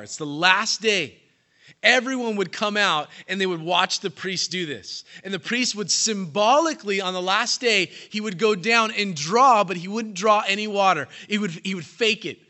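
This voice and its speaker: A man preaching a sermon, telling the story dramatically and swinging between hushed and loud delivery. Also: high-pitched, normal speed. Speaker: pastor. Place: church in California.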